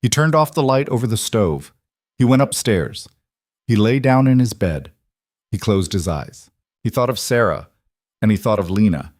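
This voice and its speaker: Tiefer ruhiger Erzähler, Mann. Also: male voice, fairly low pitch, darkish tone, dry recording, clean studio sound. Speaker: narrator. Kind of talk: scripted story narration.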